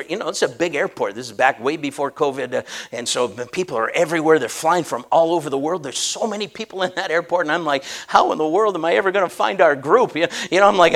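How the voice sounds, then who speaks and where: A man's voice: on the high side, creaky. A man preaching a humorous sermon, telling a story with jokes and frequent laughter. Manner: animated, joking, laughs often.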